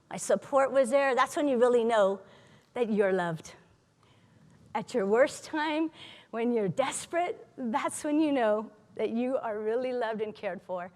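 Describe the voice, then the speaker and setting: A woman telling her own story to a live audience, lively, humorous and candid. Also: fairly high pitch, big-room sound. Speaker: patient advocate speaker. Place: large conference hall.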